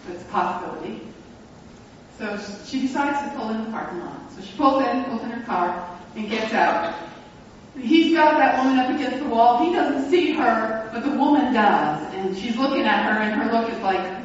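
A pastor telling a story in a sermon, speaking reflectively and slowing down for emphasis. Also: mid-range voice, expressive, slight background noise. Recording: echoey hall, distant mic, dull sound.

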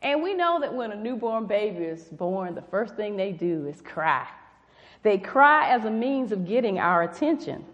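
A woman's voice: mid-range voice, sing-song, moderate pace, lo-fi sound. A woman preaching a sermon, reading scripture aloud with emphatic stress on key words. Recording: echoey hall with long reverb.

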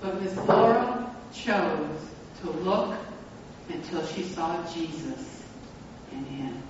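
A pastor telling a story in a sermon, speaking reflectively and slowing down for emphasis. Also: mid-range voice, lively intonation, noisy background. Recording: echoey hall, distant mic, dull sound.

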